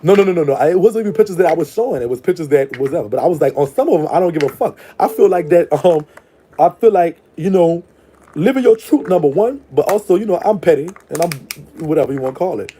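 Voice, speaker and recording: A man's voice: a little high, lively intonation, quick pace, mellow, slight background noise. A man hosting a live call-in show, rambling and blunt, affectionate with callers. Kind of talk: casual live call-in chat.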